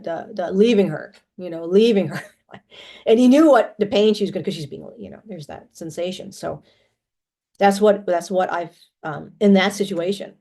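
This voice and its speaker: A woman's voice: fairly low pitch, dark tone. Rambling woman with frequent restarts. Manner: rambling, many restarts and repeated words, clears throat often. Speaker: channeler telling personal stories. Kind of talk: casual spoken monologue.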